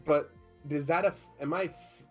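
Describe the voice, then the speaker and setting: A man's voice: a little high, fairly even intonation, measured pace, faint music behind. A man playing in a tabletop game, talking hesitantly with many fillers as he describes his actions. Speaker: player. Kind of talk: tabletop role-play chat.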